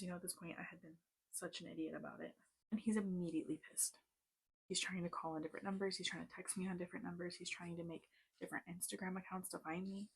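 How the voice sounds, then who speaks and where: In a casual makeup storytime, a vlogger in her thirties tensely relives a personal tale, chatty and full of "like." She has a lowish, gravelly voice with a breathy edge.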